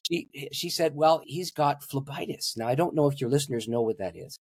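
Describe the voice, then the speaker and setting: Older male pastor, lively storyteller, slightly husky, dry close mic. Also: brisk, no echo. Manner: animated storyteller, acts out dialogue with big pitch swings. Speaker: pastor and guest. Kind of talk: storytelling in a podcast interview.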